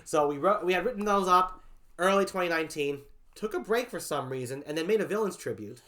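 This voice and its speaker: A man's voice: high-pitched, lively intonation, brisk, pushed and bright. A man co-hosting a casual vlog, talking reflectively in loose, trailing phrases. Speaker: co-host of a web show vlog. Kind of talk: casual conversational storytelling.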